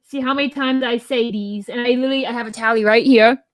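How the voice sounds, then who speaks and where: A woman co-hosting a casual talk show, telling stories in a rambling, animated way full of restarts. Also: a little high, fast, dry recording, studio quality. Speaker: podcast co-host. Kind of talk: casual chat.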